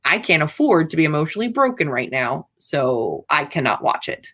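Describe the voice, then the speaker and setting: A woman's voice: sits low, sing-song, moderate pace, a bit bright. A woman author hosting a livestream, chatting casually in a rambling, playfully dramatic way. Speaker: author hosting writing sprints.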